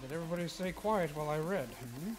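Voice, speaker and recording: A man's voice: on the high side, quick pace, over music. A man casually chatting on a live stream, answering viewers and laughing easily.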